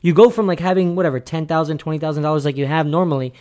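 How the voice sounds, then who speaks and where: Animated young man chatting sports. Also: fairly high pitch, very fast. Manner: rambling, animated, lots of "like" fillers. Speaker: podcast co-host. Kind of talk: casual sports chat.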